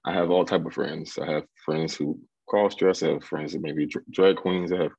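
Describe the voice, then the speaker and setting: Guest, man, extremely deep and husky, measured delivery, dry muffled recording. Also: no room sound. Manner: measured, even-handed. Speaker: podcast guest. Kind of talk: casual discussion. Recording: dry dull lo-fi sound.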